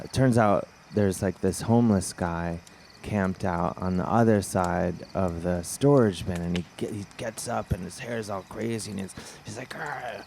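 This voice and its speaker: A man telling a funny story live to an audience, rambling and animated with lots of fillers. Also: lowish voice. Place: live event before an audience.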